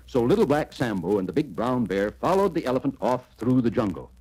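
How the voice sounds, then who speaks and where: Animated male storybook narrator. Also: medium pitch, brisk, few pauses, breathy edge, faint music behind. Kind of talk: children's storybook record narration.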